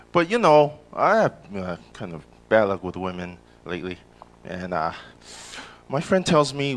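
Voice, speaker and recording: A male comedian doing a live stand-up set in a comedy club, stammering on restarts and jumping into loud voices for the people he quotes. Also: mid-range voice, very animated, normal speed.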